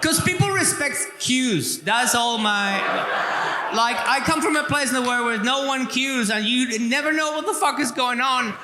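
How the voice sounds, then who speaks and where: A man telling animated comedic stories on a live panel, shouting his punchlines. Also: extremely high pitch, moderate pace, long reverb tail, very noisy. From Venezuela. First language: Spanish. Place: festival stage with live audience.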